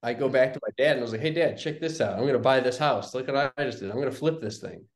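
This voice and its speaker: A man's voice: medium pitch, quick pace. Roomy-sounding young man telling stories. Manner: animated storyteller, acts out quoted dialogue. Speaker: guest, real estate investor. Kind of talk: casual storytelling in an interview.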